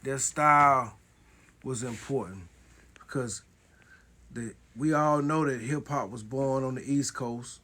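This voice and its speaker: A man answering in an interview in a measured, thoughtful way with pauses. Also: medium pitch, bright, forceful tone. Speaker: group member being interviewed. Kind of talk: casual interview talk.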